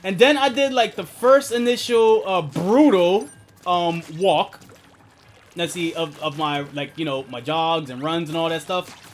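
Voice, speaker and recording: Laughing a lot and swearing as he rambles, an asthmatic young man chats casually while streaming a video game. His voice sits high at a measured pace, with slight background noise.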